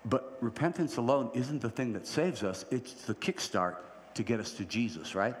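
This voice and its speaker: A man's voice: medium pitch, moderate pace. Conversational male pastor in a hall. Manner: conversational, repeats "right?" for emphasis. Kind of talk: sermon. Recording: reverberant hall, faint ambience.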